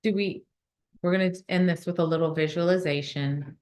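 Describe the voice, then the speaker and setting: A woman giving a motivational talk in a conference room, then leading a guided visualization in a calm, soothing way. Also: on the low side. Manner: warm, slow and soothing when guiding the meditation. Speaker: motivational speaker. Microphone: phone.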